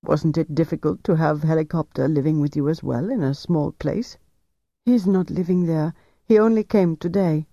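A man reading aloud, voicing a cool, calculating male officer who questions with gentle persuasion. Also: on the high side, steady tone, normal speed, creaky, no room sound, dull audio. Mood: probing.

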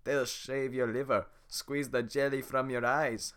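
A man doing Shrek, a gruff taunting ogre. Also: medium pitch, flat delivery, measured pace, a bit bright, pitched above the performer's own voice, natural voice. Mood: menacing. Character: gruff male ogre, mocking and menacing.

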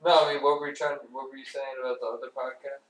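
A man's voice: medium pitch, level tone, fast, a bit bright. Young male co-host, dry one-liners, recorded far off in a roomy space. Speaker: podcast co-host. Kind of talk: casual movie chat. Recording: roomy, distant mic.

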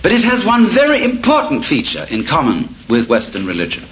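A man's voice: on the high side, wildly swooping pitch, a little fast, fairly bright tone. A middle-aged man giving a public lecture to an audience, wry and storytelling. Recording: dull lo-fi tape of a lecture with faint hiss.

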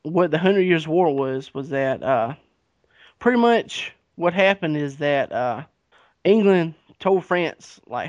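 A man with a fairly high voice retells history in a casual, profane way, slipping into the voices of kings and countries. The recording sounds muffled and lo-fi, with no room sound. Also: slow, dry recording. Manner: profane, animated storytelling with acted-out dialogue. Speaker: podcast co-host. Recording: dull lo-fi recording.

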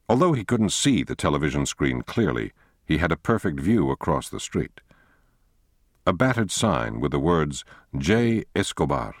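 A man reading a thriller novel aloud as an audiobook narrator, in a measured, steady way. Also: very deep voice, no echo, studio quality. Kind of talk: scripted narration.

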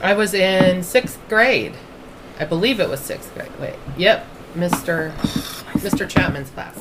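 A woman's voice: on the low side, expressive, measured pace, very noisy. Chatty, rambling middle-aged woman. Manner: chatty, rambling and laughing often. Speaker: podcast co-host and mother. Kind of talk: casual family podcast chat.

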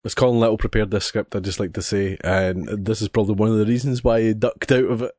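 A man's voice: on the low side, steady tone, quick pace, darkish tone, no room sound, clean studio sound. A man co-hosting a podcast, chatting casually with enthusiasm and repeating words as he thinks. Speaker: podcast co-host. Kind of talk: casual chat.

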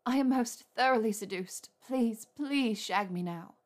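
A woman's voice: on the high side, a little slow, pitched above the performer's own voice, natural voice. A woman voicing a clever, eager young witch who speaks breathlessly and cajoles.

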